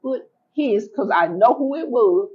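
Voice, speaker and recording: A woman telling her own story as an interview guest, animated and emphatic, repeating words for effect and acting out what she said back then. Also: fairly high pitch, measured pace, breathy edge, muffled recording. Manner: colloquial, acts out her own past words. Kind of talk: emotional personal storytelling.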